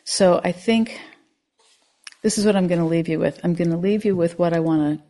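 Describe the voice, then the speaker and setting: Woman meditation teacher, lowish voice, soft and slow, contemplative dharma talk. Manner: soft, slow and contemplative, at times near a whisper.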